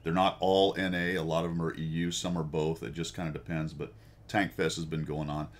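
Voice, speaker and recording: A middle-aged American man with a deep, low voice hosts a casual chat for his viewers. He rambles from tangent to tangent, pokes fun at himself and laughs often. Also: flat delivery, a little fast. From United States. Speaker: host.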